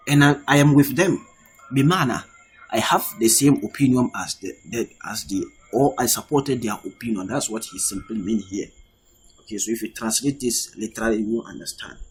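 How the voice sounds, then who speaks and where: A man's voice: lowish voice, husky. A man teaching an online Arabic grammar lesson, reading Arabic sentences and explaining them in English with frequent "okay" checks. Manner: reads Arabic text then translates and explains it in English.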